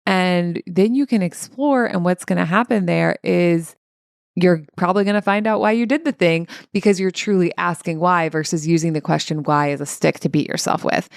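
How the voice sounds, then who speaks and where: A woman in her thirties hosts her coaching podcast in a loose, conversational monologue, peppering her talk with "like." Her voice sits fairly low with a gravelly fry running through it, recorded dry and close with no room around it. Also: moderate pace, dry recording. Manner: chatty and relaxed, with many "like"s. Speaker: career coach and podcast host.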